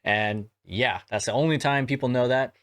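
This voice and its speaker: A man's voice: mid-range voice, moderate pace, fairly bright tone. A young man from South Georgia with a light Southern accent, hosting a horror movie podcast in a chatty, loose, swearing monologue. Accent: light Southern American, mostly neutral. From South Georgia, USA. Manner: chatty, swears casually, frequent restarts and laughs. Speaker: podcast host.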